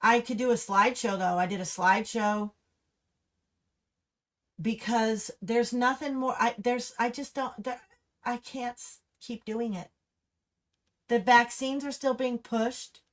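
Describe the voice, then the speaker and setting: A middle-aged woman, talking on a livestream in an impassioned, ranting way that rises to angry shouts. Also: fairly high pitch, steady tone, unhurried, pauses often. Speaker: livestream host. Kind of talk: livestream commentary over slideshow.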